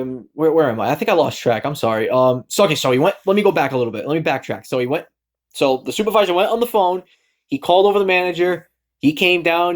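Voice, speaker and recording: A young man telling a rambling story about his job on a vlog, often losing his thread and correcting himself, swearing freely. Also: a little high. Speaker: vlogger.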